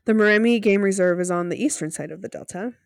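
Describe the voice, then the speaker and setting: A woman's voice: medium pitch, quick pace, creaky, no echo, studio quality. A woman co-hosting a podcast, chatting casually and laughing often as she retells events. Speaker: podcast co-host. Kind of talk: casual recap chat.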